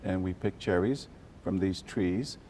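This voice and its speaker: An older man from South Texas, an animated storyteller who drops Spanish phrases into his answers during an interview. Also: low voice, a little slow, slight background noise. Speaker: journalist guest.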